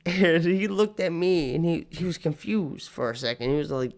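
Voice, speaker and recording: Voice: mid-range voice, moderate pace, darkish tone. A drunk vlogger telling a rambling, profane story, stumbling over words and laughing often.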